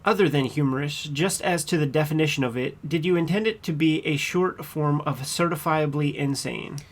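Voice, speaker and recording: A man's voice: on the high side, moderate pace. A man reading the part of a persistent trial lawyer cross-examining a witness, in a methodical questioning manner. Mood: accusing. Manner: pointed, methodical questioning with "uh" fillers. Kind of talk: reading a court transcript aloud.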